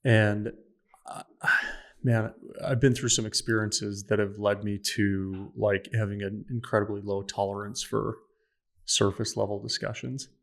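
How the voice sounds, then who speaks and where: Podcast guest: gravelly man, flat earnest delivery, speaks with conviction. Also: on the low side, unhurried. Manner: emphatic, earnest, declaring. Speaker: podcast guest, startup founder. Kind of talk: personal storytelling.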